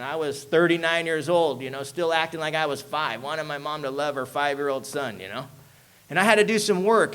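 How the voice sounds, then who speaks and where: Animated man telling a recovery story. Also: fairly high pitch. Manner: animated storyteller who acts out dialogue and keeps asking "you know what I mean". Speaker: speaker at a recovery convention. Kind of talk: personal recovery story told to an audience.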